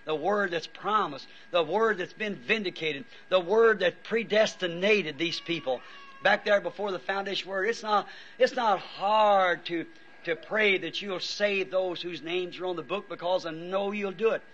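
An older-sounding male preacher with a high, sharp, weary voice pleads before a church congregation in fervent prayer and an altar call. He's earnest, with halting restarts, and the old tape sounds dull with a faint hiss.

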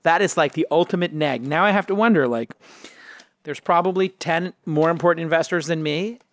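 A man hosting a startup podcast, reading an ad and joking with a guest in an energetic, salesy way. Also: fairly high pitch, a little fast, no room sound. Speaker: podcast host. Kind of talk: casual chat and host-read ad.

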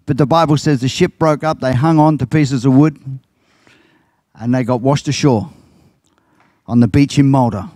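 A man's voice: moderate pace, long pauses, mellow, no room sound. An older man, a pastor preaching a sermon and telling stories, acting out quoted lines. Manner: storytelling, acts out quotes with big pitch jumps.

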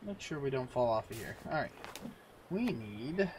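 A man's voice: mid-range voice, sing-song, normal speed, a little mellow, a little hiss or hum. A man hosting a let's-play video, chatting casually to viewers and himself while he plays. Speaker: gaming video host.

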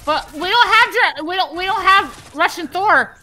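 Bright, high-voiced woman co-streamer. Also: animated, moderate pace. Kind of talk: gaming stream banter.

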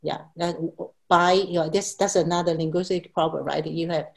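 Woman, lowish voice, halting with restarts, self-deprecating laughs, video call. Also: fairly even intonation, gravelly. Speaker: Chinese language teacher. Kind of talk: explanatory video call chat.

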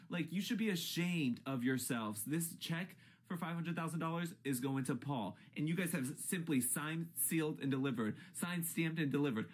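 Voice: medium pitch, slightly rough. A YouTuber in a profane, exasperated rant about a reality TV show, swinging from grumbling to shrieks. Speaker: YouTube ranter.

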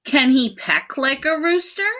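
A woman's voice: high voice, very animated, unhurried, bright, forceful tone, voice pushed up, full character voice. A woman doing bossy, mean storybook hens. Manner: scornful, mocking.

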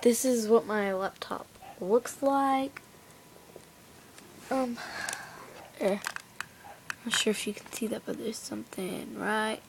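At home near her bed, a new video maker rambles chattily, often slipping into whispered asides, recorded on a handheld music player's camera. Her fairly high voice is creaky, and she speaks slowly with long pauses over background noise.

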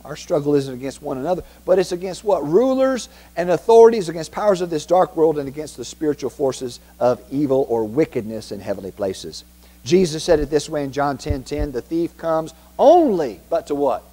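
A man preaching from the pulpit, his voice a touch higher than most men's and mellow in tone. He presses each point with repeated words and rhetorical questions thrown to the congregation, and his voice rings out with a long church reverb. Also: lively intonation, fairly quick. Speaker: pastor. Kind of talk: sermon. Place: church sanctuary.

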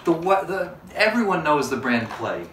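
A man's voice: a little high, big pitch swings, moderate pace, a bit bright, slight background noise. Mock-earnest man hosting a comedy unboxing. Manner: mock-earnest, overexcited salesman patter. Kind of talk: mock product review. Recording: roomy echo, mic at a distance.

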